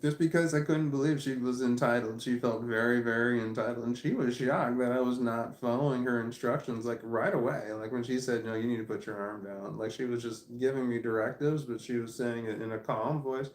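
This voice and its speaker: A man's voice: mid-range voice, fairly even intonation, a little fast, hardly any pauses, echoey room. A man in his forties telling a long, profane anecdote in a casual, rambling way, often breaking into laughter. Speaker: vlogger. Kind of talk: casual storytelling.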